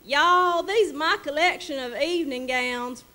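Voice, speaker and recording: A woman's voice: high-pitched, measured pace, sharp tone, pitched above the performer's own voice, rough recording. A woman playing a chatty, nosy older Southern widow from the Mississippi Delta with a gushing, drawling manner. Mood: flirtatious. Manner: gushing, drawling, fond of "darling".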